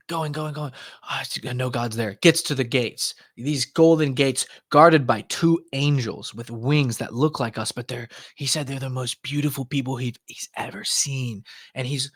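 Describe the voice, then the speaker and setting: A man's voice: mid-range voice, no room sound. A young man telling a story on a casual podcast, acting out the voices of the people in it and leaning on lots of "like" fillers. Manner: animated, acts out voices in quotes, many "like" fillers.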